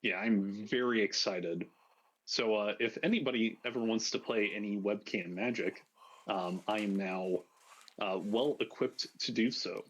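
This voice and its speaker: A man's voice: fairly low pitch, husky. A man who is a guest artist, chatting in a laid-back way and often murmuring agreement. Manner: laid-back, quick to affirm. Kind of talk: casual chat.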